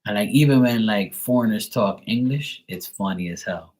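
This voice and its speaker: Homem de voz grave, conversa solta e desbocada. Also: male voice, lowish voice, normal speed, a little mellow. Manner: loose, profane and laughing, imitates accents. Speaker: live tarot reader and streamer. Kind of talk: casual live-stream chat.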